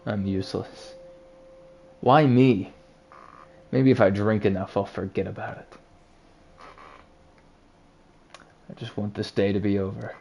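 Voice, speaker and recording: A man reading the part of a weary, self-doubting animal detective as a quiet, brooding inner monologue. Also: on the low side, flat delivery, brisk, gravelly, hardly any pauses, slight background noise. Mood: despairing. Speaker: game voice-over reader. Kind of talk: reading a story game aloud.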